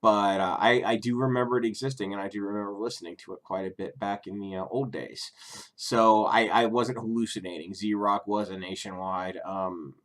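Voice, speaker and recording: Middle-aged guy for a casual vlog review, low-pitched, loose and sweary, stumbling through restarts. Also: fairly even intonation, moderate pace, fairly bright tone. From Cincinnati area, USA. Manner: rambling and profane, many ums and self-corrections. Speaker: YouTuber reviewing streaming services.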